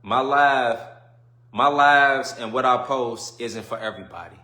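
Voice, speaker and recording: A man hosting a livestream and delivering an emphatic, preachy monologue, often checking whether listeners follow him and swinging between quiet musing and loud bursts. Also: mid-range voice, a little slow, roomy sound. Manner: emphatic, keeps asking "you see what I'm saying". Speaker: livestream host.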